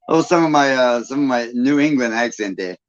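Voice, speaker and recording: A man from Michigan hosting a live stream, chatting casually and folksily with viewers and laughing often. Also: medium pitch. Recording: dull lo-fi sound.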